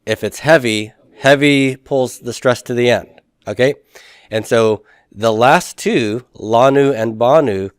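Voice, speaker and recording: A man's voice: medium pitch, smooth, dry recording, studio quality. A man teaching a Hebrew grammar class, patiently asking students questions and confirming their answers.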